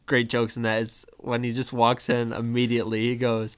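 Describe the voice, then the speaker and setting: A man's voice: mid-range voice, level tone, fairly quick, hardly any pauses, smooth. A man co-hosting a casual movie podcast, laughing often and acting out favorite lines. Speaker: podcast co-host.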